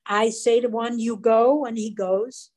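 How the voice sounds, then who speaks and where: Woman, sermon, earnest, unhurried delivery, dark soft timbre. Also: on the high side, steady tone, low-quality recording. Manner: earnest, slow and deliberate, acts out quoted voices briefly. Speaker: Bible teacher. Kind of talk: sermon with retold Bible stories.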